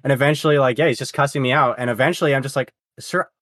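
A man's voice: medium pitch, fairly even intonation, rapid-fire, fairly bright tone, dry recording. Casual young man telling a story. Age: young adult. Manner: rambling, profane, lots of fillers. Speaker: podcast co-host.

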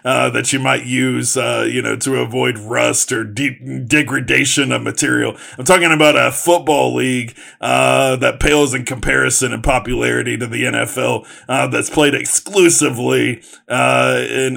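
A man with a gravelly, fry-heavy voice and a bright edge talks sports in a loose, rambling podcast chat. He is sarcastic and leans on plenty of filler words. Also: medium pitch, steady tone, normal speed, few pauses. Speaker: podcast co-host.

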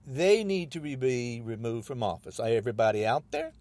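An angry man hosting his own podcast, ranting about politics in an agitated, repetitive way, often rising almost to a shout. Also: mid-range voice, very animated, a little fast, dry recording. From United States. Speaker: podcast host.

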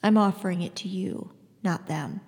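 A woman reading aloud and voicing a calm, dignified man who speaks gently and evenly. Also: fairly low pitch, lightly acted. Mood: measured. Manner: gentle, measured and soft. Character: calm, dignified older male executioner. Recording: long hall reverb.

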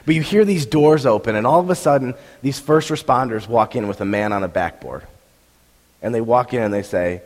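Young male pastor, sore-throat hoarseness, lively storytelling sermon, long hall echo. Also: mid-range voice, fast talker. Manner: animated storytelling, acts out crowd reactions. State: voice roughened by strep throat. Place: church hall.

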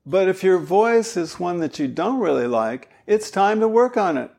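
Lively, gravelly male voice coach. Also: sits high, normal speed. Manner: animated, demonstrating vocal styles. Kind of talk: spoken lesson.

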